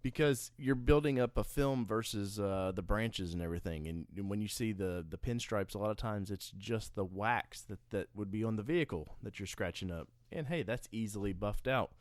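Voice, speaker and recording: A man's voice: on the low side, expressive, normal speed, few pauses, no echo, studio quality. Joking man hosting a podcast. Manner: joking, rambling, self-mocking. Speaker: off-road podcast host. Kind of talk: casual chat. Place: on the road and on the trails.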